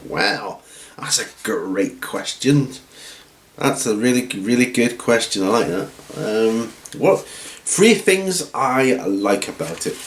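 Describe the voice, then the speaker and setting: A man hosting a hobby channel from home, chatting casually through viewer questions in a rambling, relaxed way with lots of ums and restarts. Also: mid-range voice, takes it slowly, long pauses. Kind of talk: casual Q&A chat. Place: at home, seated with feet up. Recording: roomy room echo.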